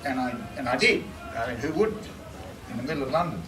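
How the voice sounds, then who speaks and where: A man's voice: mid-range voice, expressive, brisk. A middle-aged man giving a memorial speech, telling a story plainly and steadily. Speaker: speaker at a memorial. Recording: echoey room, distant mic, background noise.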